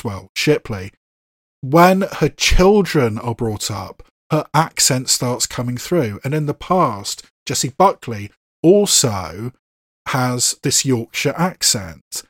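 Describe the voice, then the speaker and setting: A man's voice: mid-range voice, dry recording. A man giving an unscripted film review, talking in a thoughtful, digressive way with frequent asides. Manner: thoughtful, digressive, with filler phrases.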